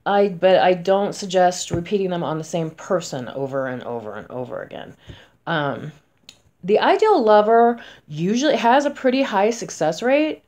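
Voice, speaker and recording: A woman in her forties, a spellcaster, talking casually to camera in a chatty, emphatic way, going from loud to soft. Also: lowish voice, sing-song, normal speed. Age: 40s.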